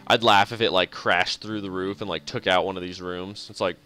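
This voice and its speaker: With faint game music behind him, a man gives casual live-stream commentary on a strategy game, frequently chuckling and muttering to himself. His low-pitched voice is pushed and bright, clear and resonant, fairly quick, with fairly even intonation.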